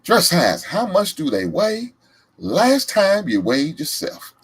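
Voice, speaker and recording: A man with a Southern accent from the American South hosts a reaction show, his commentary casual and emphatic. His voice sits high with a breathy edge, and he talks slowly. He's animated and emphatic, breaking into loud laughs.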